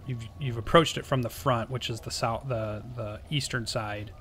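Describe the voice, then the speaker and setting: A man's voice: mid-range voice, steady tone, normal speed, a bit bright. A man narrates as dungeon master, laying out the scene in a level, matter-of-fact way. A faint room hum sits behind him. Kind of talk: narrating a tabletop game.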